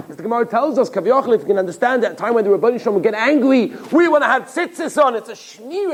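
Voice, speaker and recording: A man with a notably high-pitched voice leads a Torah class as the rabbi. He tells his stories animatedly and with emphasis, slipping into the voices of the people he quotes. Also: a little mellow. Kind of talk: storytelling Torah lecture.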